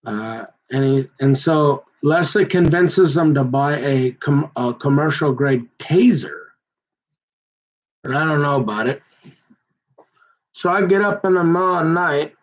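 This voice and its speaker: A man telling a long personal grievance in a rambling, halting way, often restarting his sentences and growing heated as he goes. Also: on the high side, lo-fi sound. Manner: aggrieved, heated. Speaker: son recounting a family conflict.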